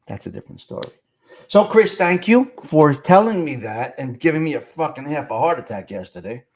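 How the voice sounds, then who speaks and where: Man hosting a live stream, rambling and profane, fairly high voice, chats with viewers, webcam sound. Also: lively intonation, moderate pace, darkish tone. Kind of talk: casual live-stream chat.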